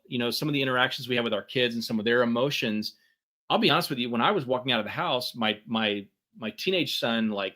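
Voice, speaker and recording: Middle-aged guy talking thru a workshop, bright voice, lots of ums and right?. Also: mid-range voice. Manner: conversational, many fillers and tag questions. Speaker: podcast co-host. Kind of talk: workshop talk.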